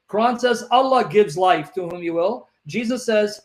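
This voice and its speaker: A man debating religion, reading verses aloud slowly and repeating references with emphasis. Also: high-pitched, expressive. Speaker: Christian apologist.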